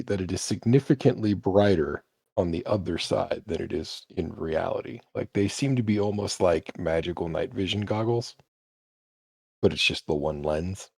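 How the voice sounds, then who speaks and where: A man's voice: deep voice, gravelly, slightly rough, no echo, clean studio sound. A man narrating a tabletop game as game master, describing scenes and shop merchants. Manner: animated, voices merchants in character.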